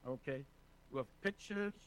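A man being interviewed as a residents' advocate, talking in an animated, emphatic way and often checking in with the listener. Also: medium pitch, measured pace, slight background noise, low-quality recording. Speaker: senior residents' advocate, guest. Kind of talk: casual interview talk.

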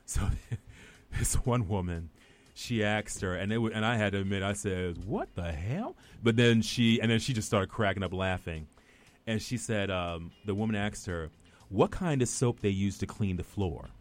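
A man's voice: on the low side, moderate pace. A middle-aged man with a West Indian accent, an actor chatting as a guest and telling rambling stories full of restarts. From West Indies. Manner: rambling storyteller with many restarts. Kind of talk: casual chat.

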